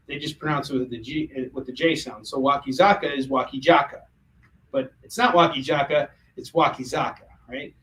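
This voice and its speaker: Animated American man with fillers. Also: medium pitch, poor audio. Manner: animated, jokey, hesitant with fillers. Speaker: host selling comics. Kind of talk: casual livestream chat.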